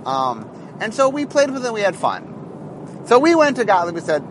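A man's voice: high voice, huge pitch swings, moderate pace, background noise. A man, a head designer, talking in a rambling casual monologue with many fillers and restarts, recorded in a car.

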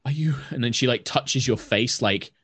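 Husky-voiced man running a tabletop game. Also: medium pitch, steady tone, a bit bright, no room sound. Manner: halting narration with many fillers. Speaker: game master.

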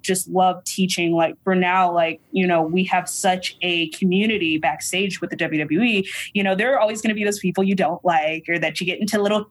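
A woman from Texas with a Southern accent, a guest chatting casually on a podcast, full of "like" and "you know" and quick to laugh. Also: on the low side, steady tone. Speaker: guest, professional wrestler.

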